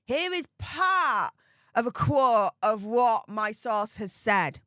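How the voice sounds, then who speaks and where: A woman hosting a casual live stream, chatting to viewers and thanking them warmly, with plenty of fillers. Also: a little high, big pitch swings, takes it slowly, no room sound, studio quality.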